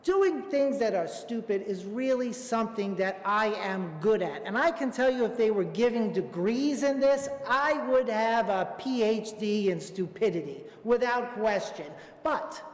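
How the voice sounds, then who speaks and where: A man's voice: high voice, lively intonation, measured pace, few pauses. A man in his fifties from Brooklyn, New York, telling a comic, self-mocking story on a theater stage. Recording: echoey theater hall.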